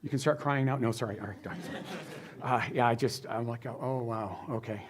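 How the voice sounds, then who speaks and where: A guest speaker who teaches philosophy fields audience questions after his talk, speaking at medium pitch and a little fast. He is casual, animated and self-deprecating, often acting out the voices he quotes.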